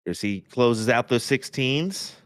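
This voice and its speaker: A man's voice: mid-range voice, expressive, takes it slowly, dry recording, clean studio sound. A man co-commentating live darts in a laid-back, laughing way, calling his partner bud.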